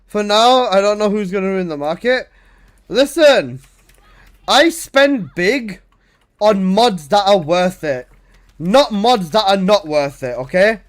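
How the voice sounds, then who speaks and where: A man streaming a game, chatting casually with teasing, excitable banter, repeating himself and swearing freely. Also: high-pitched, takes it slowly. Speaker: gaming streamer.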